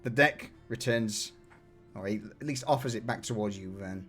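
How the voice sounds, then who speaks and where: A man running a tabletop game as game master, narrating a scene in a relaxed way with many fillers. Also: lowish voice, normal speed, faint music behind.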